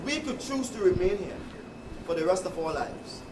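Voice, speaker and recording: A man's voice: high voice, expressive, normal speed. A man with a Trinidadian accent giving a rousing, preacherly address to workers, with mocking asides. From Trinidad and Tobago. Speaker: union leader addressing workers. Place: indoor workplace gathering. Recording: echoey room, far from the mic, noisy crowd.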